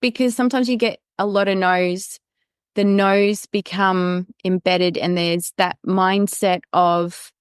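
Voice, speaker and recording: A woman hosting a podcast, with a smooth, clean voice in a dry, close sound. She keeps agreeing and encouraging as she talks. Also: lowish voice, fairly even intonation, normal speed, no echo. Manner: affirming, encouraging. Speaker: podcast host. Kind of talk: casual podcast interview.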